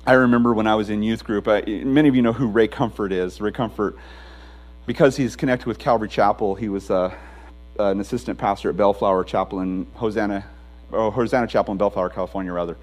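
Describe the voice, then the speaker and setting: A man's voice: lowish voice, steady tone, quick pace, rough recording. Man preaching a conversational sermon. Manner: conversational, emphatic preaching with restarts. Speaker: pastor.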